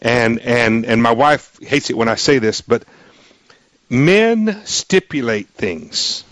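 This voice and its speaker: A man's voice: medium pitch, lively intonation, slow pace, a bit bright, no room sound. A male radio talk show host interviewing a guest in an emphatic, joking way, with frequent restarts. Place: radio studio.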